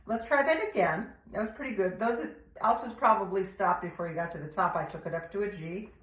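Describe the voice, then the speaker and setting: A woman with an American accent leading a vocal warm-up lesson, explaining patiently and breaking into sung vowel demonstrations. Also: medium pitch, fairly quick, roomy sound, soft background music, poor audio. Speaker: vocal coach.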